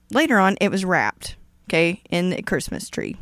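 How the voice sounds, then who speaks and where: A woman co-hosting a podcast in casual chat, blunt and animated, swearing a lot. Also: fairly low pitch, a little fast, dry recording, studio quality. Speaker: podcast co-host.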